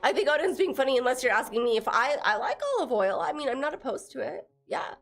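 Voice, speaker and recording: A woman's voice: sits high, expressive, fast, a bit bright. Giggly young woman streamer from Texas. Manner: giggly, teasing, reads chat aloud. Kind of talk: casual live-stream chat.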